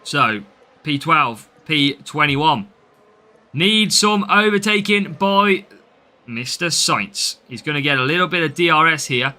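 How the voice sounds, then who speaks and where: Bright-voiced Midlands man streaming a game. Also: on the high side, lively intonation, unhurried. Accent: English Midlands. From English Midlands. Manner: chatty, reads out and answers viewer names. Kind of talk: live game commentary.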